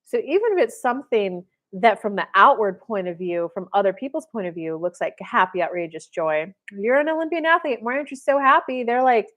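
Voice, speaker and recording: A woman's voice: medium pitch, brisk, hardly any pauses. A woman hosting a casual spiritual livestream, giving readings and acting out the voices of people she describes. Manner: animated, acts out quoted voices.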